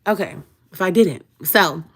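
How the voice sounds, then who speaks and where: A woman's voice: on the low side, expressive, unhurried, husky. A young woman tells her own story on a livestream. She talks casually and chattily, with joking asides to her viewers and plenty of laughs. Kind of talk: casual storytelling to a live chat.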